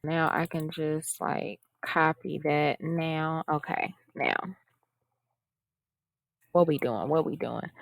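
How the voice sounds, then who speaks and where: Woman coding tutor, unhurried and dry-miked, chatty and self-joking while reading steps aloud. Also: sits low, gravelly, dry recording. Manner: chatty, self-mocking, reads instructions aloud. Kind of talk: casual screen-share walkthrough.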